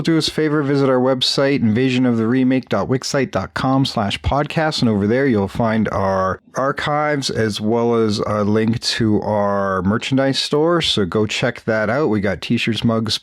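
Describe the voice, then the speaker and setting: A man's voice: medium pitch, measured pace, no room sound, clean studio sound. A man hosting a podcast, giving an upbeat sign-off and a merchandise plug. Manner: upbeat, promotional. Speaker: podcast host.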